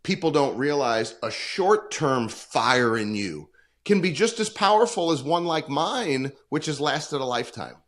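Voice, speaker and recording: A man's voice: mid-range voice, animated, unhurried, a bit bright. Earnest man telling coaching stories. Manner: earnest, storytelling, quotes dialogue often. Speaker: guest performance coach. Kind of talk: podcast interview talk.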